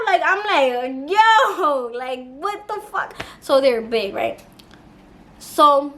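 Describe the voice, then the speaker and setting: A young woman with a slightly high voice tells a storytime straight to camera. Her delivery is loose and animated, full of slang and casual swearing. A faint hiss of room noise sits under her voice. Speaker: YouTuber.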